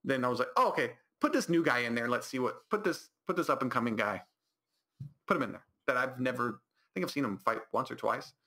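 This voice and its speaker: A man's voice: mid-range voice, lively intonation, fast, pushed and bright. A man hosting his own podcast, telling rambling casual stories with lots of restarts and self-corrections. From California high desert. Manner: rambling storytelling with many restarts. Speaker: podcast host. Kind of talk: casual solo podcast talk.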